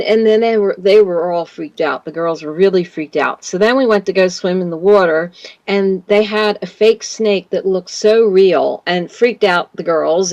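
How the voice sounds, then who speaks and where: A woman's voice: mid-range voice, no echo. A woman guest telling a long personal story in an interview, rambling with fillers and restarts.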